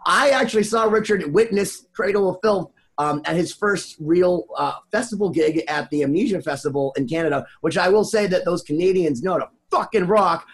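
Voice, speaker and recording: A man, a band member and wedding DJ, rambling and swearing freely in casual podcast chat. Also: on the high side. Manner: rambling, profane, excitable storyteller.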